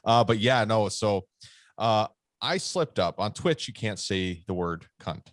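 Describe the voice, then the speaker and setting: A man's voice: fairly low pitch, expressive, measured pace, no room sound, studio quality. A man co-hosting a podcast, telling a story in a rambling way with lots of fillers and swearing. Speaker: podcast co-host. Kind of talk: casual storytelling chat.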